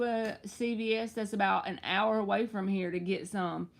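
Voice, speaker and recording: A woman's voice: medium pitch, steady tone, moderate pace, vocal fry. A woman hosting a live tarot reading, talking in a chatty, reassuring way with playful slang.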